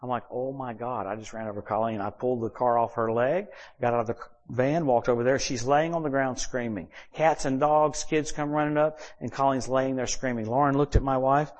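A man preaching at a church service, telling personal stories and acting out quoted dialogue with sudden jumps in loudness. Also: medium pitch, brisk, muffled recording. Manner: animated storyteller who acts out quoted dialogue with sudden shifts in loudness. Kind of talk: sermon storytelling.

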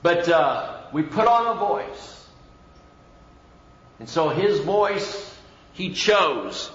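Man, pastor, chatty sermon, bright tone, dull lo-fi church recording. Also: on the high side, expressive, extremely slow, echoey room. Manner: conversational preaching with rhetorical questions and mimicked voices.

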